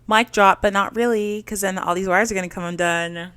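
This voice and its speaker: A woman's voice: medium pitch, fast talker, few pauses, fairly bright tone, clear, resonant tone, dry recording. A young adult woman hosting a solo podcast, chatting casually and rambling with frequent giggles. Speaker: podcast host.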